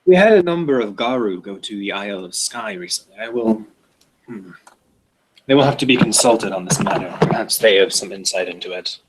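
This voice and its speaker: A man voicing a calm, measured male werewolf pack leader in a tabletop game, speaking slowly and deliberately. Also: lowish voice, gravelly, very noisy. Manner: slow and deliberate.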